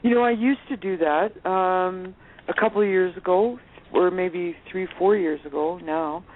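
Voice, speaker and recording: A woman telling lively anecdotes as a phone-in guest, laughing often as she talks. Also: on the low side, moderate pace. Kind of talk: casual storytelling on a phone interview. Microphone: telephone. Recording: tinny phone line with faint hiss.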